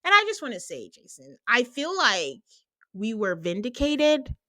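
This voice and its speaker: A woman's voice: on the high side, sing-song, measured pace, pushed and bright, no room sound, clean studio sound. A woman hosting a podcast, recapping a show in casual chat and laughing often. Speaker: podcast host.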